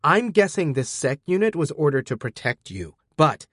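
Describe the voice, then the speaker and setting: A man's voice: a little high, very animated, normal speed, a bit bright, husky, dry recording, studio quality, voice pushed up, exaggerated voice. A man voicing a brusque, pushy corporate man in an audiobook. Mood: demanding.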